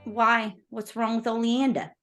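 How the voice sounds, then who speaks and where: A woman's voice: on the high side, level tone, measured pace, faint music behind. A woman voicing a cheerful, confident teenage girl superhero in a tabletop role-play, giggly and teasing. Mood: breezy.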